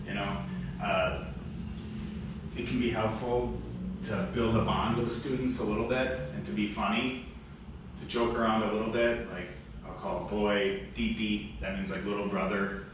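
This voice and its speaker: A man who teaches English, giving new teachers casual advice in a relaxed, rambling way with self-deprecating asides. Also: lowish voice, normal speed. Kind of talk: casual instructional chat. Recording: echoey room, mic far off, faint background noise.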